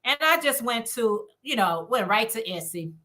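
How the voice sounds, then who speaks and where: A chatty, encouraging woman hosts a casual livestream and talks straight to her viewers. Her voice is bright and forceful, set a little high for a woman. She keeps a relaxed conversational flow while she reads out their comments. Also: moderate pace. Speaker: livestream host. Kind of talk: casual live-stream chat with viewers.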